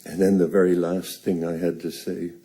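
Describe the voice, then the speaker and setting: An older man slowly telling a personal story on stage, halting and earnest. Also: low voice, little pitch movement, warm tone.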